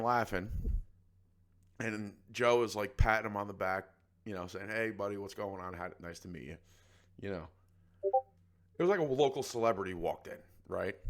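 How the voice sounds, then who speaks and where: A man co-hosting a podcast, telling a story in casual chat and acting out other people's voices. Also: lowish voice. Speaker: podcast co-host.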